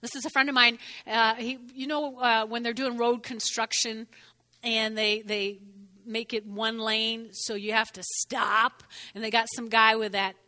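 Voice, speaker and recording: An older woman preaching a sermon in an animated way, often checking in with "okay?" and "all right?". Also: on the high side, unhurried. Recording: reverberant hall.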